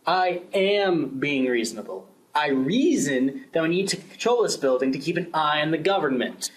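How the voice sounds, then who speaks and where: Casting: young male student, amateur drama, voices multiple parts, slightly high voice. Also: animated, normal speed, slight background noise, rough recording. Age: young adult. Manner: plays several parts, shifting pitch between characters. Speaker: student performing a class drama. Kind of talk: amateur radio-play acting.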